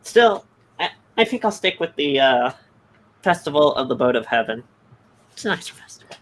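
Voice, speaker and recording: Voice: mid-range voice, sing-song, normal speed. A guest in a casual group chat, speaking in a dry, matter-of-fact, slightly pedantic way.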